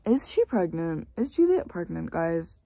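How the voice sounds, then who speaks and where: A teenage girl chatting casually in a reading vlog, gushing and excitable, swearing now and then, tired late at night. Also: on the low side, a little slow, creaky, dry recording. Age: teens. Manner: gushing, excitable, swears, mixes soft asides with loud outbursts. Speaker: reading vlogger. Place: bedroom at home with a fan running.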